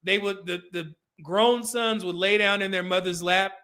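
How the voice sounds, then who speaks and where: A man's voice: high voice, moderate pace, clean tone. A middle-aged man hosting a casual livestream, telling stories with frequent laughter and acting out quoted lines. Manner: animated storyteller, acts out quoted lines. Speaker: podcast host.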